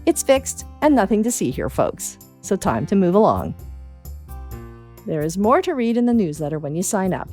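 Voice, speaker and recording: A woman's voice: mid-range voice, very animated, normal speed, darkish tone, soft background music. A woman from Canada with a Canadian accent reading a skeptics' newsletter, with wry asides. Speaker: newsletter reader. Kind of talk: scripted news read.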